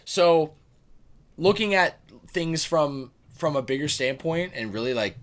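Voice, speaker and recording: Lively, rambling male podcast co-host. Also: on the high side, a little slow, slight background noise. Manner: rambling, hedging with fillers. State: has the hiccups. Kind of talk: casual podcast chat.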